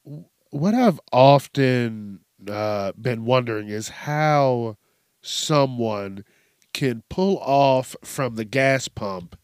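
A podcast host with a medium-pitched voice, captured in studio quality with no echo, delivers a crude comedic rant. He swears constantly and laughs at his own jokes.

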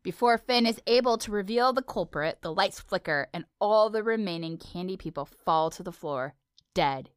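A woman's voice: medium pitch, animated, moderate pace, clear, resonant tone, no echo, studio quality. A woman co-hosting a podcast, recapping a cartoon episode in casual, playful chat. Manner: chatty, giggly, playful. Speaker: podcast co-host.

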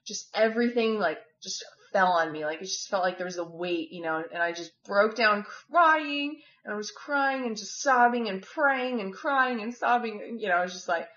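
A woman's voice: mid-range voice, moderate pace, few pauses, fairly bright tone. A woman telling a personal story in a casual, rambling way, filling her speech with "like" and "you know". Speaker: former volunteer living with a host family. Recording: dull, echoey room recording.

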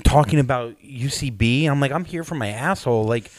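Podcast guy, late 30s, rambly and laughing at himself, mid-pitch voice, dead dry room. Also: fairly quick, no echo. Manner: rambling, self-mocking anecdotes with laughs. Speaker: podcast host, comedian. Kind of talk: casual storytelling chat.

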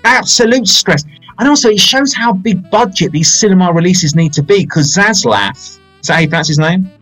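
A man's voice: high-pitched, animated, normal speed, a bit bright, soft background music, rough recording. Chatty rambling man in his forties. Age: 40s. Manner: chatty, rambling, self-mocking. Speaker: podcast host. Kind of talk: casual film chat.

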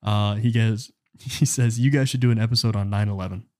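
A man's voice: lowish voice, steady tone, brisk, dark tone. A young man co-hosting a comedy podcast, chatting casually and joking, laughing often. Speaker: podcast co-host. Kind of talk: casual chat.

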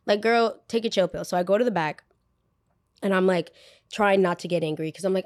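A woman podcast host telling a story in a casual monologue. She talks in an animated, chatty way and uses a lot of "like" asides. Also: mid-range voice, normal speed, dry recording, studio quality.

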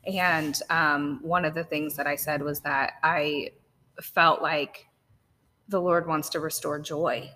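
A woman with a bright, forward tone hosts a casual faith podcast, keeping her pitch fairly level. She affirms her guest often and pauses on small fillers. Her voice rings out with a long reverb from the room. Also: fairly even intonation. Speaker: podcast host.

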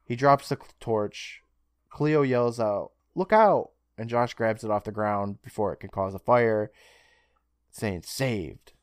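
A man co-hosting a casual podcast, retelling a show's scenes with quick character lines and frequent laughs. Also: on the low side, clean tone, no echo, clean studio sound. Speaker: podcast co-host. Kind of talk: casual recap chat.

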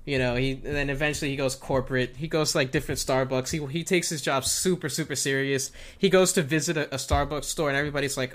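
A man co-hosting a casual comedy chat, telling animated stories and acting out quotes. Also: medium pitch, fast, hardly any pauses. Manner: animated storytelling with acted-out quotes. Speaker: co-host.

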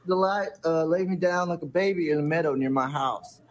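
Actor as a weepy earnest abductee man, slow, voice a touch high, background noise. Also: close to an everyday voice. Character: tearful man abductee overcome with joy. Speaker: alien abductee.

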